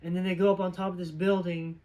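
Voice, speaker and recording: A man with a notably high voice talks through a film's story in a loose, chatty recap. He wanders from scene to scene and fills the gaps with plenty of filler words, like an informal reviewer talking straight to the camera. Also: flat delivery, fast talker, dark tone, poor audio. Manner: rambling, filler-heavy retelling. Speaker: movie reviewer. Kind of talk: casual movie plot recap.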